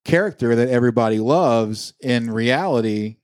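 A man's voice: medium pitch, moderate pace, a little mellow, no echo, studio quality. A man co-hosting a podcast, telling a long rambling anecdote with lots of fillers and casual swearing. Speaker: podcast co-host. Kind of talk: casual chat, storytelling.

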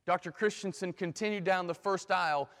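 A man telling a dramatic illustration story in a sermon, in an animated way. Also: high-pitched, fairly quick. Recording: long hall reverb.

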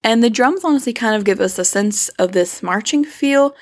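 A woman's voice: on the high side, lively intonation, moderate pace. A young woman and singer, casually analyzing a rock song in a vlog, chatty and gushing with lots of "like" and "kinda". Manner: chatty, upbeat, filler-heavy with "like" and "kinda"; enthusiastic, gushing about the singer. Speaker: music reviewer breaking down a song; singer herself.

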